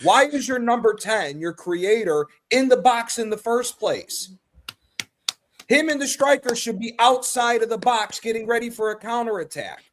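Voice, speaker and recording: A man's voice: extremely high pitch, expressive, moderate pace, a bit bright, a little hiss or hum. A man calling in to a football talk show, ranting angrily and swearing constantly. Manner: angry, swears constantly, blunt. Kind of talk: heated call-in football rant.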